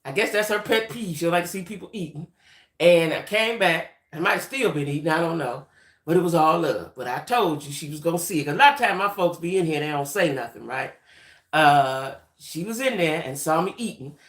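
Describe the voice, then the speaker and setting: An adult woman hosting a livestream, telling a story in a chatty, animated way and talking straight to her viewers. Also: low voice, a little fast. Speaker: livestream host. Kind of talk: casual storytelling chat. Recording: roomy echoey room.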